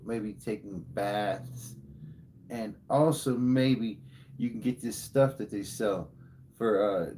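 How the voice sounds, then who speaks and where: A man's voice: on the low side, darkish tone, a little hiss or hum. A man hosting a livestream, telling a rambling comic story to his chat in a profane, joking, tall-tale way. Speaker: livestream host.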